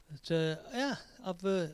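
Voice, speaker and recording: An English man rambles cheerfully as he hosts his own music live stream, cracking jokes between songs. His voice sits a little high and sounds close and dry. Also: smooth, dry recording. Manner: chatty, rambling, jokey. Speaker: live stream host and singer. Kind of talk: casual live stream chat.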